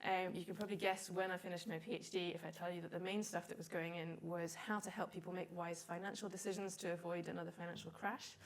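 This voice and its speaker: A woman's voice: fairly low pitch, fairly even intonation, fast talker, hardly any pauses. A woman in her forties, a data visualization consultant, giving a chatty, self-deprecating conference talk with frequent "um" fillers.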